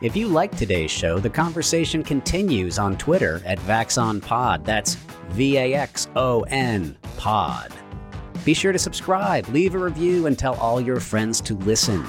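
A man's voice: medium pitch, big pitch swings, measured pace, music in the background. A man hosting a podcast who thanks his co-host with uh fillers, then reads the credits. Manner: hesitant with uh fillers in talk. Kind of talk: podcast talk and read outro.

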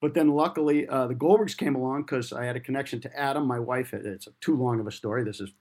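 A man's voice: mid-range voice, fast talker, a little mellow. A man in his fifties telling career stories in a casual interview, rambling and self-deprecating with many restarts. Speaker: guest comedy writer.

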